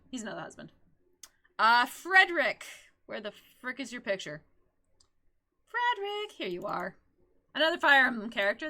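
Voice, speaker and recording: A woman streaming live, chatting casually about her favorite characters in an excitable, giggly, rambling way, often breaking into squeals. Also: fairly high pitch.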